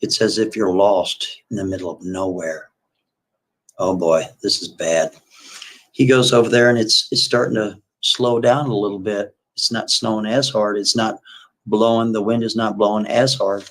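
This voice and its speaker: A man's voice: lowish voice, normal speed, rough recording. Folksy man retelling a story. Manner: folksy, repetitive, animated asides. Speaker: livestream host retelling a story. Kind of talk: casual spoken storytelling.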